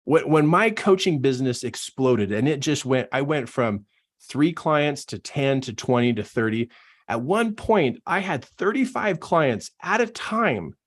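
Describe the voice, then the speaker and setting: A man's voice: mid-range voice, measured pace. Brief: man, business coach delivering a punchy motivational pep talk, mid-range voice, driving and repetitive. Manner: animated, acts out quoted voices.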